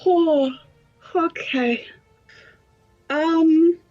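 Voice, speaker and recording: A woman's voice: very high-pitched, very slow, dark tone, soft background music. A woman playing a tabletop game, narrating her character in a hesitant, emotional way. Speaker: player. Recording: dull lo-fi sound.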